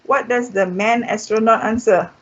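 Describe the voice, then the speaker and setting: A woman's voice: on the high side, fairly even intonation, moderate pace. A Malaysian woman teaching a live online French lesson. She repeats each word and keeps checking in with "okay?", and now and then slips into Malay. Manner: drills words by repeating them, checks in with "okay?". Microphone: streamed live online. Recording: dull lo-fi stream audio.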